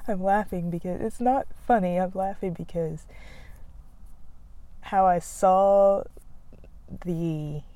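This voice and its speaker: A woman's voice: on the low side, steady tone, slow, long pauses, warm tone, dry recording. A young woman podcaster chatting casually outdoors, rambling off on tangents, laughing and losing her words. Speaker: podcast host. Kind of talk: casual chat. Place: outdoors, near a road.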